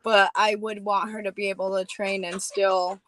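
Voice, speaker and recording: A woman from New Mexico, a fighter guesting on a podcast, chatty and quick to laugh. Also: mid-range voice, level tone, no echo, low-quality recording. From New Mexico, USA. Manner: chatty, laughs often, "you know what I mean". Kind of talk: casual interview chat.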